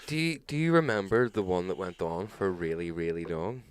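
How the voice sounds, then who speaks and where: A man's voice: low voice, moderate pace, clean tone. A man co-hosting a podcast, telling stories in casual chat with lots of swearing and laughter. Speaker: podcast co-host.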